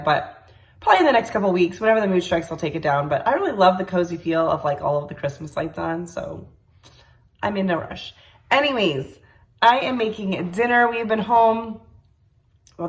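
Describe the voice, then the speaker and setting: A woman in her thirties from New York, chatting casually in her kitchen while cooking, a bit congested with a slightly nasal voice. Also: on the low side. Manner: chatty, rambling, many fillers. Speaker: cooking vlogger. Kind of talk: casual chat. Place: home kitchen.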